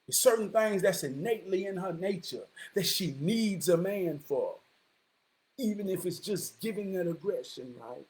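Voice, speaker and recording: A middle-aged man telling a story to camera in a casual monologue, swinging between loud declarations and quiet musing. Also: sits high, expressive, moderate pace. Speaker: vlogger.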